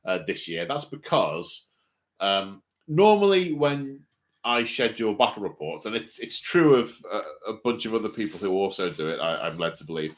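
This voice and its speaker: An Englishman hosts a relaxed livestream about his hobby. He rambles with plenty of fillers and pokes fun at himself along the way. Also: fairly low pitch, normal speed. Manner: rambling, self-mocking, many fillers. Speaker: hobby channel host. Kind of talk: casual livestream chat.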